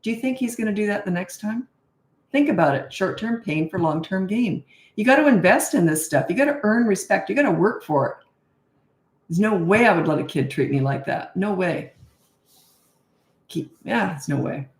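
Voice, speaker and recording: A woman's voice: medium pitch, animated, moderate pace. An older woman, a parenting coach, giving blunt, direct advice in a live-stream Q&A. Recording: echoey room.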